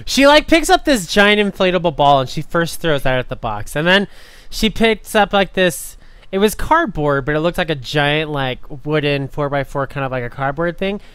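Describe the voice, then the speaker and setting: A man hosting a podcast, telling convention stories in an animated, chatty way with lots of fillers and laughter. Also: on the high side, normal speed, clear, resonant tone, no room sound. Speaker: podcast host. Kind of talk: casual storytelling chat.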